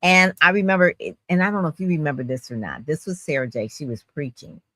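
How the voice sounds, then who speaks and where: Bright, chatty woman interview host. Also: sits low, quick pace, dry recording. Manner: chatty, animated, asks rambling questions. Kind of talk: interview conversation.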